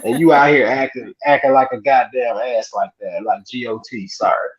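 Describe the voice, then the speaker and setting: Man, casual podcast co-host, profane and repetitive, mid-pitched, slightly muffled lo-fi recording. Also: fairly even intonation, normal speed. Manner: profane, repeats himself, asks "you know what I'm saying". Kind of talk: casual uncensored chat. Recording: dull lo-fi sound.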